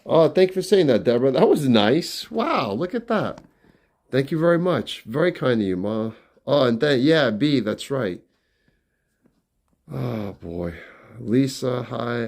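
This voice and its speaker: A man in his fifties live-streaming from his family home indoors, chatting casually with viewers and reading their comments aloud, often trailing off quietly. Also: medium pitch, lively intonation, slow pace, vocal fry. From New York. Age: 50s.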